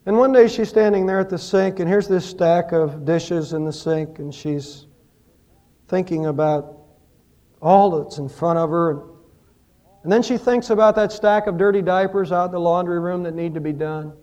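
A pastor preaching a sermon, telling stories and rising and falling in emphasis. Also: male voice, high voice, moderate pace, mellow.

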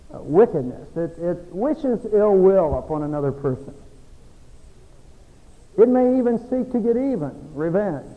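A middle-aged male pastor preaching a sermon, folksy, swinging between soft, confiding passages and emphatic exhortation. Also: a little high, narrow, tinny audio. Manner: folksy, self-deprecating asides. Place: church sanctuary. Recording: long church reverb.

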